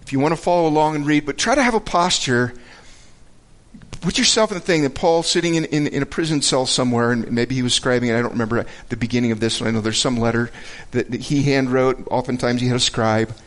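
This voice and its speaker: A man teaching a Bible passage in a conversational way, earnest and halting, often repeating words as he searches for them. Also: mid-range voice.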